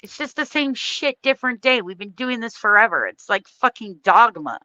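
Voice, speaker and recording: A woman's voice: on the high side, animated, moderate pace, pushed and bright, dry recording, muffled recording. An American woman hosting a livestream, delivering a heated, profane political rant with blunt emphasis. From United States. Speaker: livestream host.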